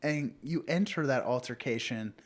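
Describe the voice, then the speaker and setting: Jokey animated male podcast host. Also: medium pitch, normal speed. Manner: jokey, animated, slips into silly voices. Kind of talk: casual comedic banter.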